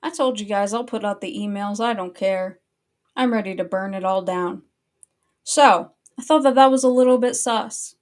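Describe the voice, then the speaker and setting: A woman's voice: medium pitch, normal speed, a little mellow. Annoyed woman ranting casually. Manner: annoyed, blunt, swears freely. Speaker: online commentary host.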